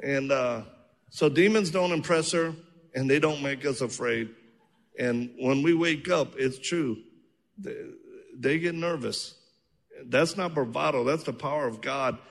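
A man who is an evangelist answering questions on stage in a church, animated and joking as he tells stories from his ministry. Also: a little high, moderate pace. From outside the United States. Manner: animated storyteller, joking and earnest. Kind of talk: testimony-filled Q&A answers. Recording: long reverb of a large church hall.

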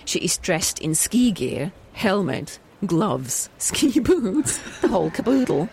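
A woman's voice: medium pitch, very animated, takes it slowly, vocal fry, a little mellow, slight background noise. A woman narrating an improvised comic story, playful and giggly. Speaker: storyteller and co-host.

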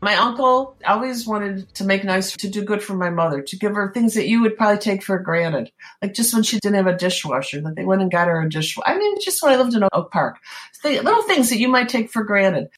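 A woman shares heartfelt memories of her uncle. Her voice rises and falls in a very lively way, at an ordinary pitch. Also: a little fast. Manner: heartfelt, expressive. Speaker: interviewee, niece. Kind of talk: reminiscing.

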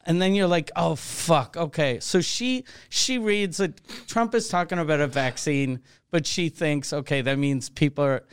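A man co-hosting a podcast, adding quick wry remarks in casual comedic chat. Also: a little high, clear, resonant tone. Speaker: podcast co-host.

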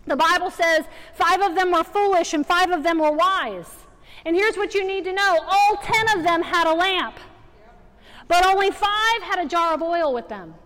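A woman preaching with a very high voice, her words ringing out in a long-reverb church hall. She builds from conversational teaching to emphatic, rising exhortation. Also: fairly bright tone. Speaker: guest preacher. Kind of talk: sermon. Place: church sanctuary.

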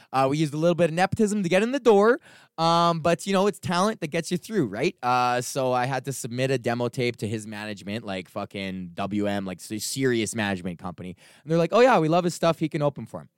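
Profane, animated young man ranting. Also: medium pitch, clean tone, dry recording, studio quality. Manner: profane, animated storytelling with acted-out quotes. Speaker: podcast host. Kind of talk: casual ranting monologue.

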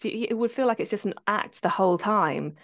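A woman's voice: mid-range voice, brisk, a bit bright, dry recording, clean studio sound. A woman co-hosting a podcast, telling stories in a chatty way full of fillers and laughter. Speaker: podcast co-host. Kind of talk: casual interview chat.

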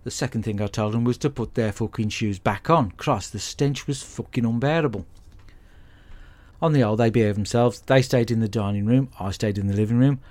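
A man's voice: medium pitch, fairly quick, darkish tone. A middle-aged man, giving a blunt, sweary comic monologue as podcast host. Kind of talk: comic monologue with film recap.

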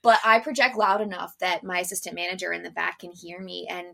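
A woman telling workplace stories in an animated, projecting theater voice, slipping into quick impressions of the customers she deals with. Her pitch sits in the middle and moves a lot as she talks. The tone is casual and conversational. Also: gravelly. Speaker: podcast co-host. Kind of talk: casual chat.

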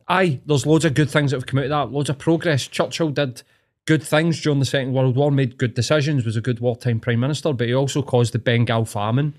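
A man's voice: medium pitch, fairly even intonation, a little fast, a little mellow. Scottish man, young adult, podcast host, blunt, opinionated, sweary casual chat.

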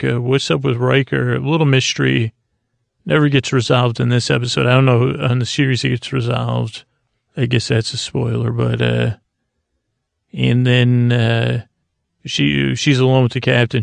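Guy with a super gravelly voice mumbling through a tv episode recap, lots of uhs, dry close sound. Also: mid-range voice, no echo. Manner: meandering, full of fillers and restarts. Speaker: podcast host. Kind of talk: rambling TV episode recap for sleep.

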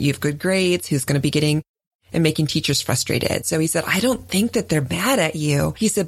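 A woman in her forties tells a personal story on a chat podcast. She talks in an easy, animated way and leaps much higher when she acts out what others said. Her voice is recorded close and dry, with no room sound. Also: dry recording. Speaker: podcast co-host. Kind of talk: casual chat.

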